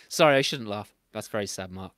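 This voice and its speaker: Male host, casual chat, animated delivery, dry close sound. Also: lowish voice, no room sound. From England. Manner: chatty, laughs often, lively storytelling. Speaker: podcast host. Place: home, remote video call.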